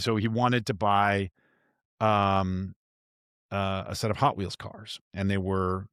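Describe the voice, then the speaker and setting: A man's voice: on the low side, fairly bright tone, no echo, clean studio sound. A man hosting a podcast, telling a story from his own parenting in a candid, self-reflective way with frequent restarts. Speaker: podcast host. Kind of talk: casual storytelling chat.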